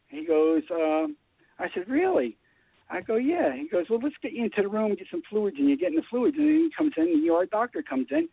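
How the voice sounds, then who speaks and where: A man calls into a radio chat and tells his story with lively, swooping pitch. His voice is slightly high and gravelly. The sound is dry and comes through a tinny phone line. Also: dry recording. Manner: animated storyteller acting out dialogue. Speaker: guest telling his story.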